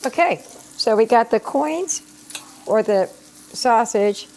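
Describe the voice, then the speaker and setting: Slow and expressive, her voice sits a little high and has a slightly mellow quality. She's a middle-aged home cook hosting a casual cooking vlog, allergies leaving her a bit scratchy as she walks viewers through every step over a sizzling pan at home.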